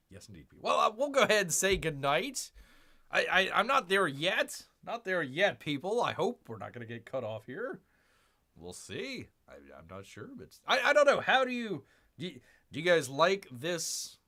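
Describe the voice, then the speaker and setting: A man chatting casually on his own livestream, rambling and restarting his sentences, often calling himself by name in the third person. His voice is bright and lively, leaping around in pitch. It swings from loud bursts to a near-mumble. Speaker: livestream host. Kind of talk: casual live-stream chat.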